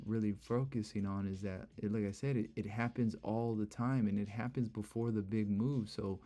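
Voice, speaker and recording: A man's voice: fairly low pitch, warm tone. A young man hosting a casual live stream, chatting loosely and repeating himself while explaining charts to viewers. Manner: chatty, repeats "look" and "bro". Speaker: livestream trading host.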